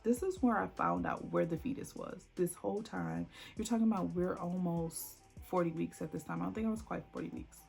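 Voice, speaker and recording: Brief: woman vlogger, gravelly voice, animated storytime, faint music behind. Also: lowish voice, a little fast, few pauses. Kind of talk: emotional storytime vlog.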